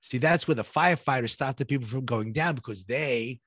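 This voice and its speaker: A man's voice: medium pitch, fairly quick, fairly bright tone, no echo, studio quality. A middle-aged man tells a personal survival story, acting out what each person said and building suspense. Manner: vivid, reenacts dialogue, builds suspense. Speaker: guest telling his story.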